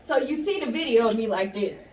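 A woman's voice: fairly high pitch, fairly quick, distant mic. A woman spins a story in casual chat, her voice swinging up when she acts out other people. She sits back from the mic in an echoey room with a faint hiss underneath. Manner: animated, laughing, acts out quoted voices. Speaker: guest storyteller.

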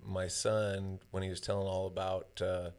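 A man talking in a casual conversation, halting and full of fillers as he shares personal stories. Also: low voice, flat delivery, a little mellow.

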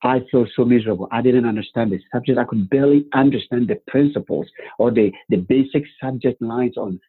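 A man telling his life story as a guest, animated, with rhetorical questions and acted-out quotes. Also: mid-range voice, fairly quick, breathy edge. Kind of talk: personal storytelling. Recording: phone-like narrow band.

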